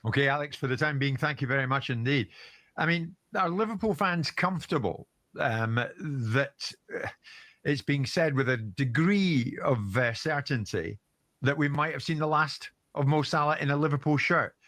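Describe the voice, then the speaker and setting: A man hosting a radio phone-in, brisk and courteous as he introduces and thanks the callers. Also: a little high, fairly bright tone, dry recording. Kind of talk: radio presenting. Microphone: studio microphone.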